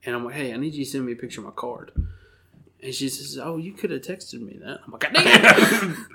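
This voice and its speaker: A man, co-hosting a podcast and telling a story in an animated, laughing way. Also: medium pitch, quick pace, gravelly, slight background noise. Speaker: podcast co-host. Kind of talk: casual storytelling chat.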